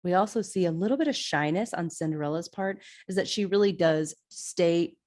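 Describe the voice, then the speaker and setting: A woman's voice: on the low side, brisk. Chatty woman recapping a movie. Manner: chatty, excitable, laughing asides. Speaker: podcast host. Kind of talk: casual movie rewatch recap.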